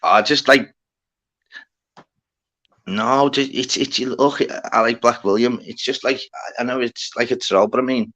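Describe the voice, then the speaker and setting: A man's voice: medium pitch, moderate pace, long pauses, a bit bright. A man hosting a livestream, chatting casually and rambling to his viewers, full of slang and swearing as he greets people in the chat. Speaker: livestream host.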